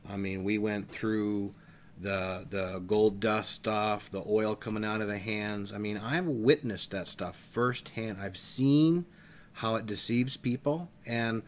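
A man's voice: on the low side, slow pace, slight background noise. A man from the US South hosting a religious discussion, earnest and growing more intense as he stresses his points.

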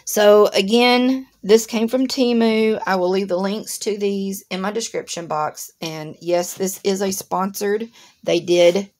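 A woman's voice: mid-range voice, steady tone, unhurried, darkish tone. A woman, hosting a crafting channel and chatting casually through an unboxing to her viewers. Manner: chatty, instructive, addresses viewers directly.

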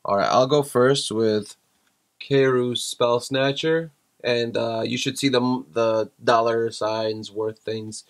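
A man's voice: mid-range voice, fairly even intonation, slow pace. A man hosting a casual card unboxing video at home, chatting loosely and trailing off. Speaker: channel host.

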